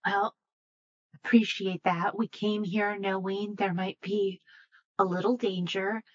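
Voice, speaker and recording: A woman playing a charming adventurer who flatters and speaks in a sweet, ingratiating way. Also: mid-range voice, slow pace, lo-fi sound, lightly acted. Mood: polite.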